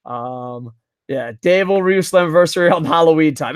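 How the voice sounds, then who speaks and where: A man's voice: on the high side, normal speed, clear, resonant tone, no room sound, clean studio sound. A young man casually reviewing wrestling on a live stream at a home desk microphone, rambling, swearing and reading chat messages aloud.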